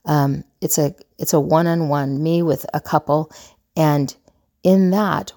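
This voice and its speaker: A woman's voice: low-pitched, gravelly, mellow. A woman in her fifties hosting a relationship advice show, talking earnestly in a rambling way with many fillers and restarts. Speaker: relationship coach and podcast host. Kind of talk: casual advice monologue.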